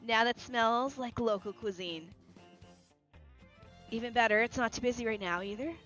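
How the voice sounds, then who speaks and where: A woman's voice: a little high, moderate pace, fairly bright tone, close to an everyday voice. A woman reading aloud as a cheerful young heroine exploring a city, with faint music behind on a lo-fi recording. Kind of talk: reading game dialogue aloud.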